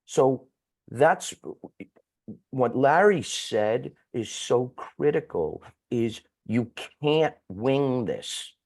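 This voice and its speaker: A man speaking as a guest sales coach who talks fast, bluntly and with some swearing. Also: mid-range voice, animated, darkish tone. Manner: fast-talking, blunt and profane.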